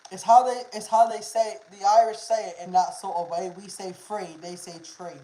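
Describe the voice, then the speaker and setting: A woman's voice: mid-range voice, fairly even intonation, moderate pace, warm tone. A woman chatting casually with viewers on a live stream, bantering loosely, swearing and laughing. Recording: roomy echo.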